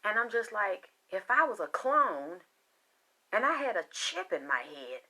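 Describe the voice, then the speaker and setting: A woman's voice: medium pitch, big pitch swings, unhurried, pushed and bright. A woman working as a spiritual reader, talking in a casual, impassioned monologue that is rambling and full of swearing.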